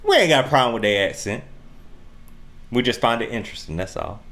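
A man's voice: medium pitch, big pitch swings, brisk, fairly bright tone. A man co-hosting a reaction video, chatting casually in a laid-back, joking, slangy way.

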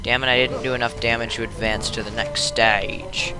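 A man's voice: mid-range voice, steady tone, normal speed. A teenage man giving jokey, rambling let's play commentary on a headset, swearing at the game. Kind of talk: casual gameplay commentary. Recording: game music playing behind.

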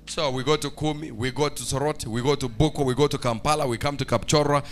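A man preaching a fervent church sermon, swinging between shouted, sing-song lines and hushed, quiet ones. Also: medium pitch, fairly even intonation, fast talker, music in the background. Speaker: pastor. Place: church service.

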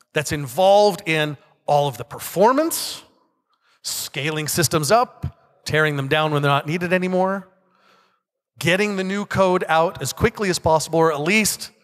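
A man's voice: a little high, a bit bright, big-room sound. A man giving a conference talk in a conversational manner, often asking rhetorical questions. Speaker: conference speaker. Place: conference hall.

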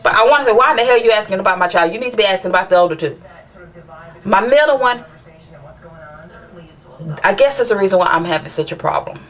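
A woman's voice: on the low side, gravelly. A mother venting in a personal vlog, rambling and frustrated, with many restarts as she asks viewers for advice.

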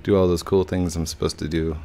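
This gaming YouTuber is a young man whose voice is mellow, brisk and evenly toned. He keeps up a playful, chatty running commentary on his gameplay, often laughing and slipping into squeaky voices for quotes, while faint game music plays behind him.

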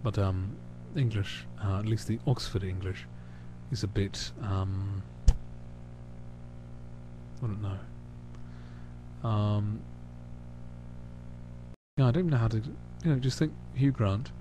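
Slow, hesitant young man rambling. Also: lowish voice, background noise. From United States. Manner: rambling, hesitant, full of pauses. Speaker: channel host answering questions. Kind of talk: casual recorded chat.

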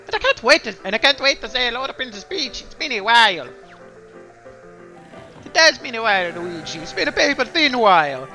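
A man doing a cheery, clueless cartoon plumber hero in a squeaky, chirpy voice pushed well above his own. It bounces all over the place, bright and sharp. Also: very animated, fairly quick, faint music behind, full character voice, rough recording.

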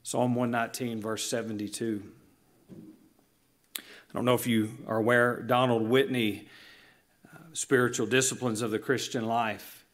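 A male pastor delivering a sermon in a church, earnest and illustrative, slowing down to stress key lines. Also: mid-range voice, level tone. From Southern United States. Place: church sanctuary.

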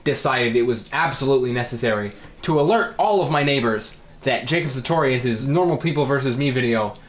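A man's voice: mid-range voice, expressive, brisk, a little hiss or hum. A young man in his late teens giving a dry, self-mocking reaction commentary with sarcastic asides. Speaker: video creator.

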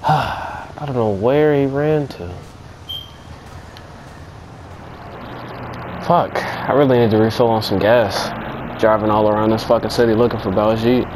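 A man's voice: fairly low pitch, fairly even intonation, moderate pace, noisy background, natural voice. A man playing an exasperated, cursing driver. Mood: grumbling. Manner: exasperated, profane, talks to himself. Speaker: driver in a game skit. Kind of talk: improvised game skit role-play.

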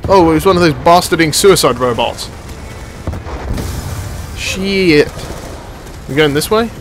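A young man giving live commentary while playing a shooter, excitable and jokey, swearing and yelping when he gets hit. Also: fairly high pitch, unhurried, noisy background. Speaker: gaming channel host.

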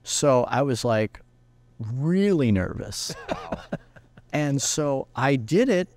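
A male guest guitarist telling anecdotes in a lively way, briefly acting out what other people said. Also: medium pitch, slow pace. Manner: acts out other people's lines while telling stories. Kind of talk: animated anecdotal storytelling.

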